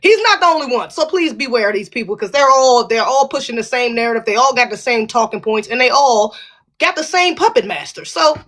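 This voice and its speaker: Woman cohost on a live stream, blunt and outspoken, bright forceful voice. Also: a little high, animated, brisk. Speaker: podcast co-host. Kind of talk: casual live-stream commentary.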